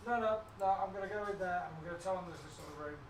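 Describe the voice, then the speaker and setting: High-voiced male player, noisy and distant. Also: very fast. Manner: casual, suggesting plans. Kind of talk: tabletop game play. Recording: noisy echoey room mic from afar.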